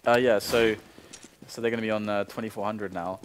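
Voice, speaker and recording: A man's voice: lowish voice, a little fast, a little hiss or hum. Man calling esports play-by-play. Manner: builds to excited bursts on big plays, calmer on analysis. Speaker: esports commentator. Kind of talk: live play-by-play commentary.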